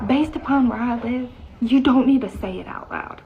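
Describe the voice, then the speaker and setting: A woman's voice: fairly high pitch, moderate pace. A woman chatting casually, wryly recounting a conversation and acting out both sides. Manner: chatty, wry, acts out dialogue. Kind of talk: casual storytelling vlog. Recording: dull lo-fi with faint noise.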